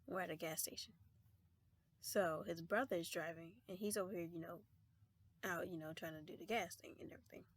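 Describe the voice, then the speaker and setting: A teenage girl vlogging to camera, animated and laughing, acting out her friends' lines in loud bursts. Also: on the low side, brisk, slightly rough. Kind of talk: casual storytelling to camera.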